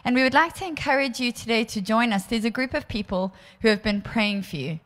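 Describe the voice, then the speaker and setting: A woman with a South African accent speaks gently and encouragingly, pausing now and then. Her fairly high voice carries a long reverb from the church hall. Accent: South African English. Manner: gentle, encouraging, slightly hesitant. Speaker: church leader making announcements. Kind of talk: closing announcements.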